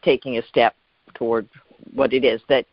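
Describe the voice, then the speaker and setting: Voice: medium pitch, level tone, normal speed, breathy edge, no room sound, dull audio. A talk-show host who responds to a caller with frequent affirmations and playful asides. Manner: affirming, many backchannels, playful. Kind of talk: supportive talk-show conversation.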